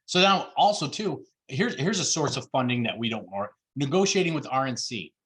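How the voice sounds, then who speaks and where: Emphatic man pitching on a video call. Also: expressive, moderate pace, a bit bright. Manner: emphatic, gets worked up, many fillers. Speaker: party officer candidate presenting plans.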